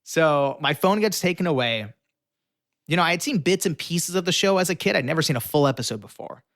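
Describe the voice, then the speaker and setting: A young man, a guest in an interview, telling a story with lively animation and acting out the lines of the people in it. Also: on the high side, a little fast, dry recording, studio quality.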